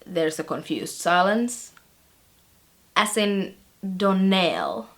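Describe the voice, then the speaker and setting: A young woman plays a bemused teenage girl telling her camera about the students she tutors. Her voice sits at an ordinary middle pitch, and her telling is chatty and wry, dotted with fillers. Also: expressive, a little slow, a bit bright. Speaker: vlogger. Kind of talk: scripted vlog-style monologue.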